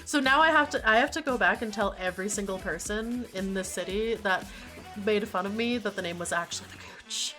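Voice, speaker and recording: A woman's voice: medium pitch, brisk, music in the background. A woman streamer chatting casually and animatedly, laughing often and swearing freely.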